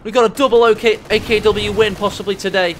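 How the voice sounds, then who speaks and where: High-voiced excitable male game caster. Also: quick pace, noisy background. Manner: excitable, jokey, rises to shouts at big plays. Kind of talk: energetic esports commentary.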